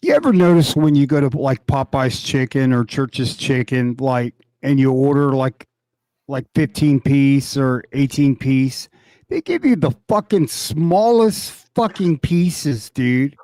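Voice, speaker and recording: A man's voice: medium pitch, a little slow, mellow, no echo. A man co-hosting a podcast over a call, ranting in comic, profane complaints. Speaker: podcast co-host. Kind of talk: casual chat.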